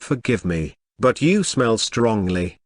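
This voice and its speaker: A man's voice: medium pitch, sing-song, a little slow, fairly bright tone, no echo, studio quality. A man doing a fussy Scottish goblin butler. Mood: curious. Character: tiny polite goblin butler, male, fussy.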